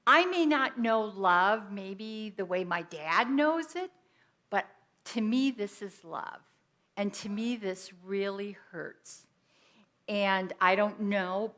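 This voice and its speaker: A woman with a mid-range, fairly bright voice delivers an inspirational sermon at a Sunday church service in the sanctuary. She speaks conversationally and tells personal stories.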